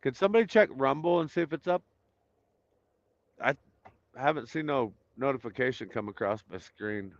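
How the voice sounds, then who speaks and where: Speaking at a moderate pace with long pauses, a medium-pitched man hosts a laid-back live stream, welcoming viewers by name and reading comments. He rambles with many fillers as he waits to get going; there's no room sound and the highs are cut off.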